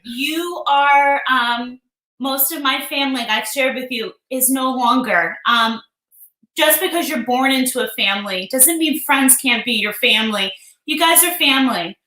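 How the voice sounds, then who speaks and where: Woman live-stream host, high voice, bright tone, chatty and emotional, echoey room. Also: normal speed. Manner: chatty, emotional, greets viewers by name. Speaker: livestream host. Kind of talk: casual live-stream chat.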